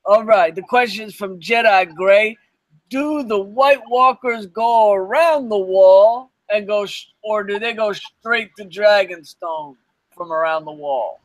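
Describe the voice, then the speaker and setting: A man's voice: high voice, unhurried, no echo. A man co-hosting a casual live podcast chat, blunt and profane, with comic asides.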